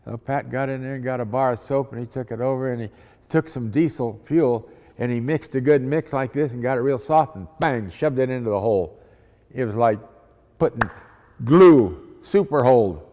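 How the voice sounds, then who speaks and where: A man's voice: medium pitch, moderate pace, warm tone. A man, a missionary, telling a testimony story in a folksy, dramatic way. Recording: long hall reverb.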